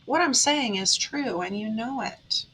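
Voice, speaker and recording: Woman, spiritual vlogger; bright, higher voice; earnest, emotional pep talk. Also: lively intonation, unhurried, slight background noise, rough recording. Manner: earnest, emotional, talks straight to viewers. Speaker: tarot reader and spiritual vlogger. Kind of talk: heartfelt motivational monologue.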